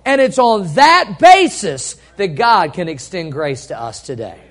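A high-voiced man preaching a sermon. He swings between loud, emphatic points and quiet asides, often putting rhetorical questions to the congregation. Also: very animated, a little slow. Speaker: pastor.

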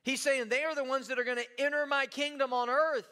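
High bright-voiced male pastor preaching. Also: flat delivery, fairly quick, in a large hall. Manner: conversational, repeats words, asks the room "right?". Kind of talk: sermon. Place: church.

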